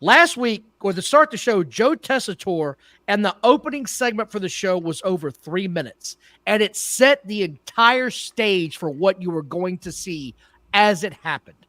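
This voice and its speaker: A man's voice: high-pitched, animated, moderate pace, pushed and bright, no room sound, studio quality. A man co-hosting a wrestling podcast, blunt and opinionated, who often trips over names. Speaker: podcast co-host. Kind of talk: casual wrestling talk.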